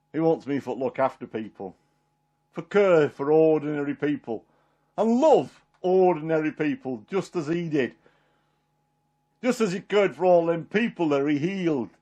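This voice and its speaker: A man's voice: a little high, darkish tone. A man playing Peter, a chatty fisherman. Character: apostle Peter, middle-aged fisherman, homely and warm-hearted. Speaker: performer in a one-man Bible drama. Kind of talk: dramatic character monologue.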